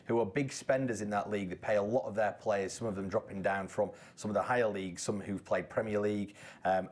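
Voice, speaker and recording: A man presenting a local TV sports round-up in a chatty way, with joking asides between results. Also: on the low side.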